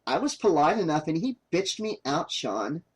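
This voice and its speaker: A man's voice: a little high, big pitch swings, moderate pace, breathy edge. A man voicing a pushy, short-tempered young woman who makes documentaries, in a raised, exasperated voice. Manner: exasperated, snappy.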